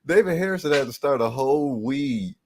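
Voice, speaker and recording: On a live stream call, a man co-hosting a sports podcast casually recounts players' tales with animation, slang and curses. He talks a little fast in a slightly high, sing-song, gravelly voice.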